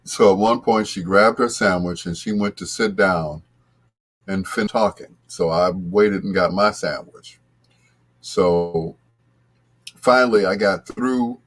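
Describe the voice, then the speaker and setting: A man hosts a radio show with a deep, low voice, chatting casually at a slow pace. He rambles, restarts and drifts into asides. His voice leaps up when something excites him. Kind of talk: casual storytelling chat.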